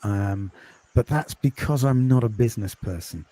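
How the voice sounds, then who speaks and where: A man from the UK, a podcast host and course creator, chatting in a quiet, calming voice with many ums in a casual interview over a video call. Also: fairly low pitch, moderate pace. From United Kingdom.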